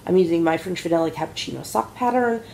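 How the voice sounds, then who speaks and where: Lady co-host, chatty and rambly, low and a bit gravelly. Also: fast talker, mellow, a little hiss or hum. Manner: chatty, rambling storyteller with many fillers. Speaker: podcast co-host, mother. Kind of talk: casual chat about knitting.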